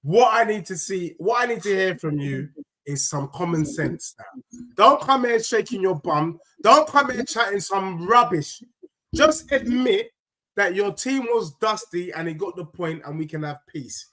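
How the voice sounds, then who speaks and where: A man's voice: sits high, animated, measured pace, pushed and bright. A man hosting a fan call-in stream, teasing and talking over his callers in casual banter.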